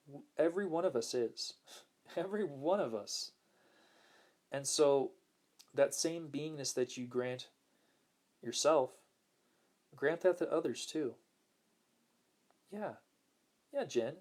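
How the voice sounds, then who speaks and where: A man hosting a casual spiritual talk, speaking gently and smoothly, repeating words for emphasis and reading viewer comments aloud. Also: takes it slowly, long pauses. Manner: acts out quoted lines in a higher voice. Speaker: host.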